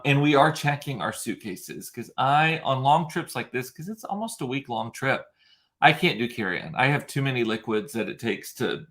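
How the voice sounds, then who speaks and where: A chatty man in his thirties talks straight to the camera from his home, loose and rambling, dropping dry sarcastic asides. His voice sits at an ordinary middle pitch, recorded close to the camera. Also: fairly bright tone. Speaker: vlogger. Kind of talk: casual chat to camera. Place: at home, indoors.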